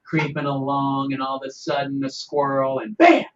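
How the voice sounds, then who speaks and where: A man co-hosting a casual animal-shelter podcast, telling rambling, lively stories with many restarts. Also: medium pitch, moderate pace, slight background noise. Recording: distant, dull mic with faint ambience.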